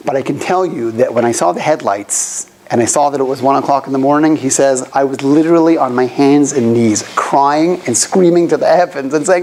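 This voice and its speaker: Animated man telling a story in class. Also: medium pitch, a little fast, few pauses, a little hiss or hum, low-quality recording. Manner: animated storyteller, acts out quoted voices. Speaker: rabbi teaching a class. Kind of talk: storytelling lecture. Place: classroom opposite the Western Wall.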